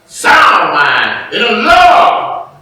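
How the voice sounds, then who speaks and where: A high-pitched, lively pastor preaching in a roomy church hall, his voice ringing off the walls from some distance. His tone is bright and forceful, and he takes his time, calling out to the congregation and swinging between shouts and quiet asides. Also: very slow, a faint crowd. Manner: call-and-response preaching, repeating "amen?"; storytelling preacher with sudden loud and soft turns. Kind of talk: sermon. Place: church sanctuary. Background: congregation responding.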